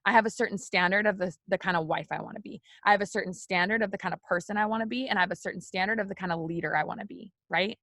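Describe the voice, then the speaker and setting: A woman's voice: medium pitch, rapid-fire, hardly any pauses, a bit bright, no room sound. Candid young woman giving a devotional talk. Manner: candid, confiding, repeats phrases, frequent "like" and "right?". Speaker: faith video host. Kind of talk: personal devotional talk to viewers.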